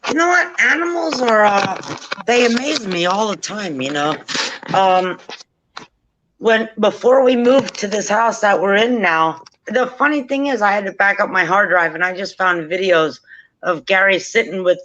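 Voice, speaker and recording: A woman's voice: mid-range voice, lively intonation, normal speed, fairly bright tone, muffled recording, a little hiss or hum. A woman telling a casual story, chatty and swearing freely, often laughing. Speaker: forum regular.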